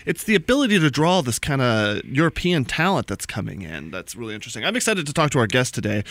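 A man hosting a casual soccer podcast, talking in a joking, animated, rambling way. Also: medium pitch, quick pace, no room sound. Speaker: podcast host. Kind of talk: casual sports chat. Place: small studio room.

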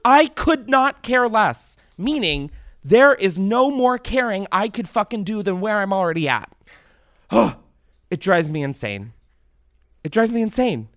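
A young man hosting a podcast, chatting casually and ranting with animated, profane exasperation. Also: high voice, a little slow, pauses often, no echo, clean studio sound. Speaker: podcast host.

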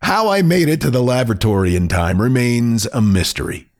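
A man's voice: mid-range voice, lively intonation, normal speed, darkish tone. A man hosting a podcast, reading a listener's funny email aloud with amusement and often breaking into laughter. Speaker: podcast host.

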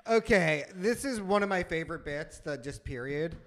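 A man who is a comedian hosting a podcast, chatting casually, excitable and laughing often as he talks through ideas. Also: on the high side, normal speed. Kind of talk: casual chat.

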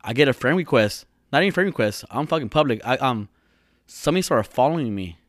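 A man rambles through a personal story in an easy, unpolished way, cursing often and sliding up into excited high bursts before dropping back to a low murmur. His voice sits at an ordinary pitch and sounds dry and close, with almost no room around it. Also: quick pace, no room sound. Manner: animated, swearing, rises high when retelling. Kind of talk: casual storytelling monologue.

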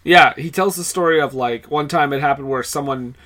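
Chatty jokey man, slightly high voice. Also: brisk, pushed and bright. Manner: chatty, jokey, restarts sentences. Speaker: podcast co-host. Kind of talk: casual film discussion.

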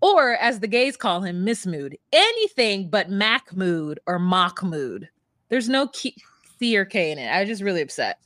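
A woman's voice: mid-range voice, big pitch swings, moderate pace, a bit bright, dry recording, studio quality. A woman co-hosting a casual podcast, playful and rambling, sometimes breaking into sing-song asides. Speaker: podcast co-host.

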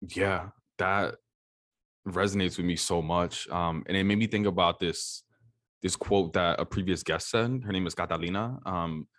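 Podcast host guy, really low voice, chill, thoughtful. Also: steady tone, moderate pace, fairly bright tone, no room sound, studio quality. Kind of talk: casual interview chat.

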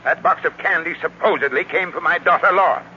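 A man playing a gruff, suspicious older man in a 1940s radio drama, with a curt and blunt way of talking. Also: on the high side, quick pace, a little hiss or hum, close to an everyday voice. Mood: grumpy. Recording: dull lo-fi old radio recording.

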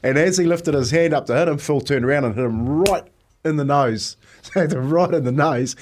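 A man with a New Zealand accent, a former teammate talking casually on a podcast. He speaks in a reflective, halting way, often says "mate", and laughs as he tells stories. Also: on the high side. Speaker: former rugby teammate, guest.

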